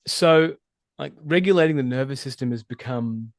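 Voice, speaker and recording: A man talking as a relationship coach in a podcast interview, animated and emphatic, swearing freely. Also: mid-range voice, normal speed, dry recording, studio quality. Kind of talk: casual interview conversation.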